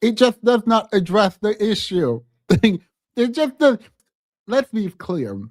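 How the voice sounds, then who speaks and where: A man's voice: high-pitched, big pitch swings, takes it slowly, no echo, studio quality. A man hosting a live stream, telling a story in a casual chat and laughing often. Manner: laughs often, talks animatedly.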